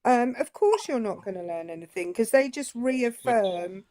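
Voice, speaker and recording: A woman's voice: a little high, expressive, moderate pace, a little mellow, no room sound. A woman who teaches, co-hosting a heated live debate, sarcastic and exasperated as she cuts in. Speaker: teacher and co-host.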